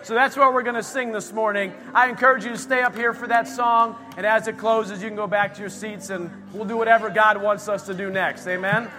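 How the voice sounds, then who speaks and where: A man leads worship and talks to the congregation in an upbeat, encouraging way. His voice is bright and high. It rings out with a long reverb, with soft music behind. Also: steady tone, a little fast, few pauses. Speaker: worship leader. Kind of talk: casual church announcements.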